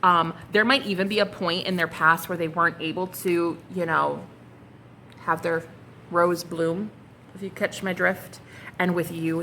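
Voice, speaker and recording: A young woman reading tarot cards for her viewers, excitable and flustered. She swears casually, giggles, and calls the audience honey and girl. A faint hum of noise sits behind her voice. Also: on the low side, unhurried, pauses often. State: flustered and hot. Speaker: tarot reader.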